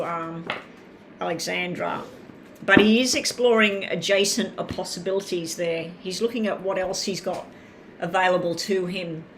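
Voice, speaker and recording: A woman's voice: mid-range voice, a bit bright, a little hiss or hum. A woman giving live tarot readings, talking in a chatty, rambling way and addressing viewers by name. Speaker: tarot reader.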